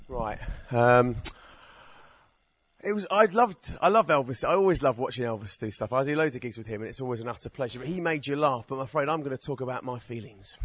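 A man's voice: mid-range voice, fairly quick, fairly bright tone, no echo. Man, stand-up poet, rambling, self-deprecating, dry sound. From Essex, England. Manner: rambling, self-mocking, chatty with the crowd. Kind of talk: stand-up comedy with poetry performance.

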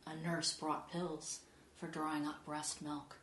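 Woman poet reading her stuff real slow, lowish voice, soft and hushed, echoey room. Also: little pitch movement, slight background noise. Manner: measured, soft, often dropping to a hush. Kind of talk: poetry reading to an audience.

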